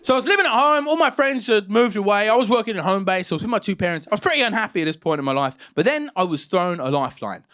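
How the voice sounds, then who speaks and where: Animated man, high and lively. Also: quick pace, hardly any pauses. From England. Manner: animated storytelling, bursts into loud shouted punchlines. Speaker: stand-up comedian. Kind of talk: stand-up comedy set. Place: comedy stage with a live audience.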